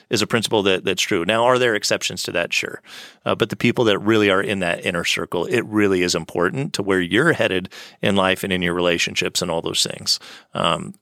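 Low-voiced, easygoing male pastor. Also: a bit bright, dry recording, clean studio sound. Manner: easygoing, laughing, halting restarts. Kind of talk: casual podcast chat.

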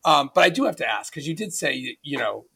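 A man from Massachusetts co-hosting a podcast, asking rambling, halting questions with many restarts in casual chat. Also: fairly high pitch, sing-song, creaky, sharp tone, husky. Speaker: podcast co-host.

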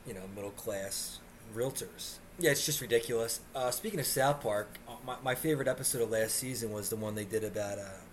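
A man's voice: lowish voice, a little hiss or hum. A man hosting a podcast, ranting comedically and mocking people with put-on voices. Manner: animated, mocking put-on voices when quoting others. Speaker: podcast host. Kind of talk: comedic rant. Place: Miami area.

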